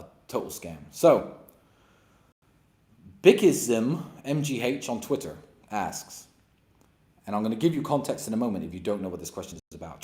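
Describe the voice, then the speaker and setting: Brief: opinionated male host, sarcastic, very lively pitch swings. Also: reverberant. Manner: blunt, emphatic, sarcastic. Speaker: host answering viewer questions. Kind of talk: opinionated monologue.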